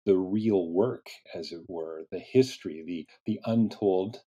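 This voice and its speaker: A low, husky male host leads an interview over a video call. He talks in an earnest, halting way and keeps restarting his sentences. His voice is dark and mellow. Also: dull audio.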